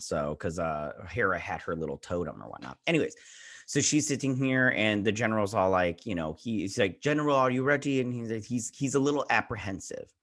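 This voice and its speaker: A man with a somewhat low voice talks through an episode recap in a loose, casual ramble. He leans on fillers and rough paraphrases of what the characters said, and his phrasing keeps circling back on itself. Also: fairly bright tone. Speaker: show host reviewing an episode.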